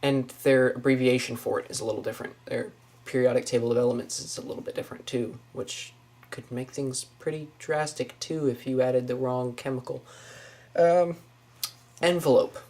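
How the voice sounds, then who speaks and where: A woman's voice: a bass voice, steady tone, normal speed, darkish tone. A young woman with a Northwest Florida Southern accent, musing casually over a list of words in her apartment, saying each word and then commenting on it. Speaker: vlogger. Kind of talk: casual accent-tag video. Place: small apartment indoors.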